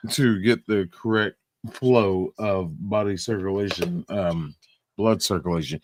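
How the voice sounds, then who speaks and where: A man's voice: low-pitched, a little slow, dry recording. A man hosting a casual reaction stream, profane and mocking, laughing at what he watches. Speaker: stream host reacting to clips.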